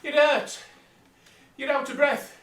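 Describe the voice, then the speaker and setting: Breathy man on a bike. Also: extremely high pitch, flat delivery, takes it slowly, fairly bright tone. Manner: blunt, plain-spoken, talks while pedalling an exercise bike. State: slightly out of breath. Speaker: vlogger. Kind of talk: casual motivational talk. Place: indoor room with exercise bike. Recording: roomy sound from a distant mic.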